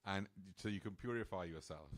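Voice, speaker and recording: A man voicing a group of sharp-tongued young cowherd women in a told story, in indignant quoted lines. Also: low voice, a little fast, natural voice.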